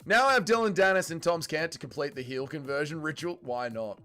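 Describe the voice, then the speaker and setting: A young man hosting a casual watch-along livestream, reacting to chat in an animated, swearing way. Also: on the high side, brisk, faint music behind. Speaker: livestream host.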